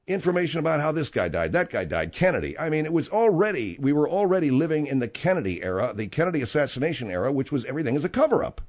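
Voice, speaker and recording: A man's voice: fairly high pitch, big pitch swings, fast, hardly any pauses, a little mellow. A man hosting a talk radio show, delivering a combative, rambling and sarcastic monologue.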